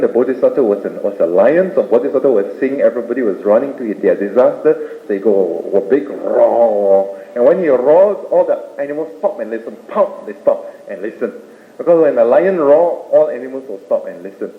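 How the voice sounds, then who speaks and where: A man giving a Buddhist Dharma talk, explaining points with rhetorical questions and tag-ending "eh?". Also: mid-range voice. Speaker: Buddhist speaker. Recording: tinny roomy old tape with faint hiss.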